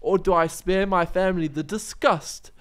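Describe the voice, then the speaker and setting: A South African man with a notably high voice, reading a listener's letter on a casual podcast. He breaks into laughing asides as he goes. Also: steady tone, normal speed, fairly bright tone. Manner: reads aloud with laughing asides.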